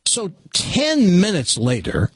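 A man hosting a talk show, telling an exasperated story to his audience in a lively, animated way. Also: sits high, takes it slowly, slightly rough, dry recording.

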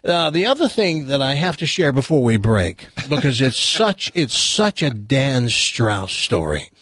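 A middle-aged American man hosts a radio show, spinning rambling anecdotes and voicing the people in them. His voice is a little husky and moves up and down a lot. The sound is dry and close. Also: medium pitch, big pitch swings, measured pace, fairly bright tone, dry recording. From United States. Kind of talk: casual storytelling chat.

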